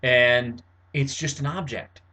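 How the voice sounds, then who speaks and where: A man's voice: mid-range voice, fairly even intonation, slow, bright, forceful tone. A young man with a mid-range voice talks to his camera from his bedroom. He is wordy and roundabout, piling up fillers, restarts and asides as he explains. The sound is a plain home recording. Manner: rambling, verbose, many fillers and restarts. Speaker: vlogger. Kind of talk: casual explanatory monologue to camera.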